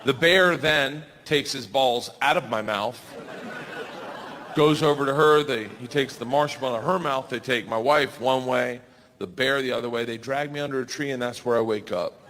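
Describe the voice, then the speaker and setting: A man in his forties telling a stand-up story, animated and yelling his punchlines, on a stage mic. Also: medium pitch, moderate pace. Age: 40s. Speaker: stand-up comedian. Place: large comedy venue. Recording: live stage mic with hall reverb and faint ambience.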